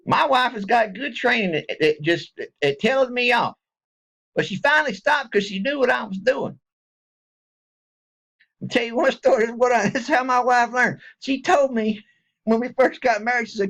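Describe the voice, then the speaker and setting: A man's voice: very high-pitched, normal speed, a bit bright. A middle-aged man, talking casually and joking around in a rambling, folksy way to his viewers. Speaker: vlogger. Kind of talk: casual direct-to-camera talk.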